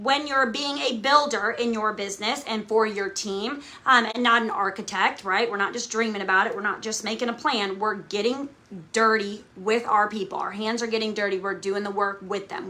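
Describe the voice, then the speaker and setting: A woman's voice: medium pitch, fairly even intonation, normal speed, pushed and bright. A woman, a direct sales team leader, gives a motivational talk to camera, emphatic and checking in with "okay?" again and again. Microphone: camera mic, speaking to camera.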